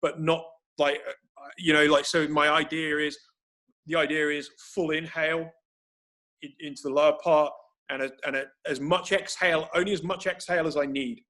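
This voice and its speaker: A man on a video call, coaching breathing for grappling. His voice sits a bit high for a man. He explains in an instructive way and restarts his sentences often as he thinks aloud. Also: little pitch movement, normal speed, bright, forceful tone. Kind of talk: explanatory conversation.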